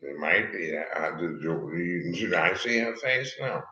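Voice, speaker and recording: A man rambling in a disjointed way, swearing and breaking into loud outbursts. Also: low-pitched, expressive, a little slow. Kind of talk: rambling talk. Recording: echoey room, dull lo-fi sound.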